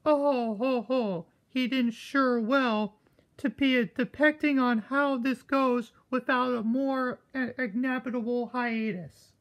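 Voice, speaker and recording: A woman's voice: fairly high pitch, steady tone, takes it slowly. A woman improvising a rambling skit with stuffed animals, switching between characters and chuckling. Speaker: puppeteer voicing stuffed animals.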